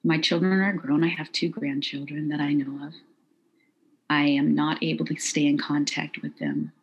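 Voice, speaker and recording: Quiet halting middle-aged woman, gravelly voice, interview guest. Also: low-pitched, expressive, highs cut off. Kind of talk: personal testimony in interview.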